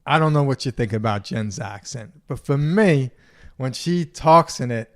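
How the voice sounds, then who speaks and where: A man's voice: medium pitch, animated, normal speed. A man co-hosting a podcast in casual chat, teasing his wife and laughing often. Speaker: podcast co-host.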